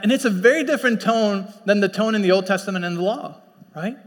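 A pastor preaching a sermon in a conversational, storytelling way, slipping into quoted voices. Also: male voice, high-pitched, brisk. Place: church sanctuary. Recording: long church hall reverb.

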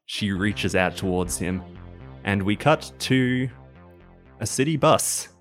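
A man's voice: fairly low pitch, lively intonation, slow, over music. A man with an Australian accent narrating a tabletop game as game master, casual and full of fillers. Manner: casual, filler-heavy storytelling.

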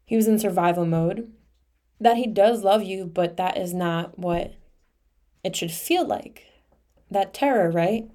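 A young woman talks straight into her podcast mic in a loose, confessional flow. She is candid and emotional, sprinkling in casual swearing and filler words, and her pitch sits in an ordinary middle range for a woman. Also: a little slow, pauses often, warm tone. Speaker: podcast host.

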